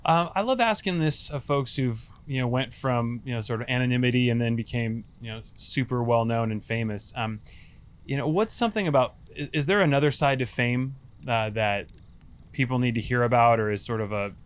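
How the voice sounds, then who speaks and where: A man's voice: medium pitch, fairly quick, clean tone. A man hosting an interview outdoors by a campfire, asking questions with hesitant, searching phrasing and fillers. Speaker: podcast host.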